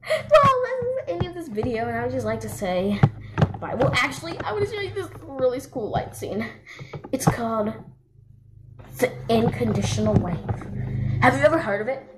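A woman's voice: a little high, big pitch swings, normal speed. A woman voicing a chatty, giggly teen girl doll who works the lights, rambling and repeating herself in doll play. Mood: excited. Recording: loud background noise.

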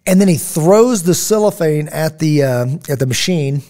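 With a slightly high, expressive, dark voice at a moderate pace, a middle-aged man hosts a podcast. His storytelling is casual and meandering, and he acts out the people he quotes.

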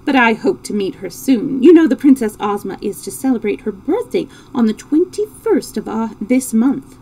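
A woman's voice: a little high, moderate pace, far from the mic, a little hiss or hum, poor audio. A woman doing a courtly jovial Fox King. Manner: courtly and flattering.

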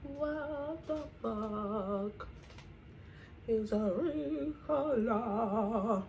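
A woman's voice: on the high side, very slow, darkish tone, faint music behind. A young woman chatting casually while doing her makeup, slangy and singing snippets between remarks. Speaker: beauty vlogger. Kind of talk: casual get-ready-with-me chat.

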